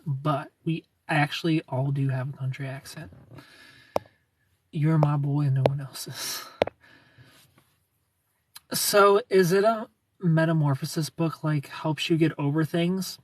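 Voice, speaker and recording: A man's voice: fairly high pitch, dry recording, far from the mic. A man in his thirties hosting a casual livestream and answering viewers' comments, rambling, restarting sentences and chuckling often.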